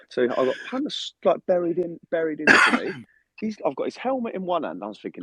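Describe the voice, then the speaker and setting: A man telling a story with lively, swinging pitch and plenty of swearing. He is calling in from outdoors in his garden, and a faint hiss sits under the phone line. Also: fairly quick. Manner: animated storytelling with heavy swearing. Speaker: footballer calling in. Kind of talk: casual chat.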